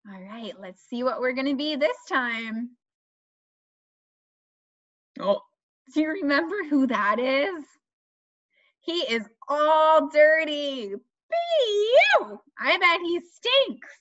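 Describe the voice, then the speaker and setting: A woman teaching young children, asking questions in a slow, sing-song way and stressing key words. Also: high-pitched, animated, fairly bright tone. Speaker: children's speech and language teacher. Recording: dull lo-fi dry recording.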